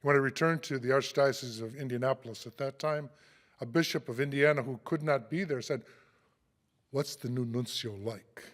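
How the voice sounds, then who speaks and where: A man with a mid-range voice reads out a formal introduction of a guest speaker. His delivery is measured and steady, and it carries a dry humorous touch. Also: mid-range voice.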